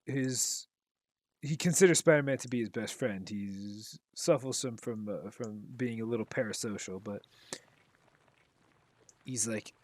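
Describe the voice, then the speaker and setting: A man's voice: lowish voice, unhurried, pauses often, no room sound, clean studio sound. A man recapping a film in loose, rambling chat, full of fillers and the odd swear, while he plays a game. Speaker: gaming commentator. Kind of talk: casual commentary while playing.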